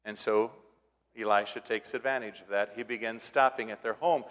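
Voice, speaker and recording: A man's voice: fairly low pitch, steady tone, moderate pace, a bit bright. A man preaching a sermon, retelling a scripture story in a casual way and building to emphatic points. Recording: long hall reverb.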